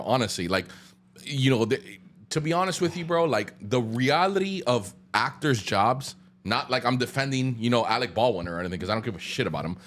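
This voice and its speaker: A man's voice: mid-range voice, a bit bright. A man co-hosting a podcast in casual chat, laid-back and full of fillers like bro and dog. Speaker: podcast co-host. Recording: audio-only podcast.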